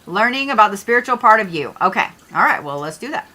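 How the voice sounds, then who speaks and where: A chatty young woman talks to her livestream viewers, rambling from one thing to the next and dropping the odd swear word. Her voice comes across bright and forward, close on a desk mic. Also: medium pitch, sing-song, quick pace. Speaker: livestream host, astrology reader. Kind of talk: casual livestream chat.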